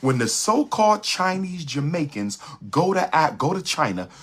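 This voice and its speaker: A man's voice: fairly high pitch, big pitch swings, normal speed, a bit bright. A man giving an impassioned speech, emphatic and repetitive, with rhetorical questions. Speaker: public speaker.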